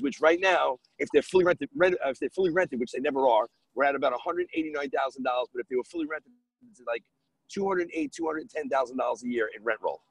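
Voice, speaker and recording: Man from New York spinning a deal story on a podcast, animated and gravelly, a bit raised in pitch. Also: no echo, low-quality recording. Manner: animated, acts out dialogue in his story. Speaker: guest real estate investor.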